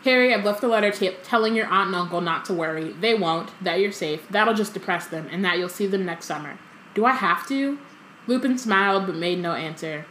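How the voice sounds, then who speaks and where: A woman's voice: medium pitch, a little fast, a bit bright. A woman co-hosting a podcast, reading a novel aloud and breaking off to comment and laugh. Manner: reads dialogue aloud with light voices, laughs often. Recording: echoey room with faint noise.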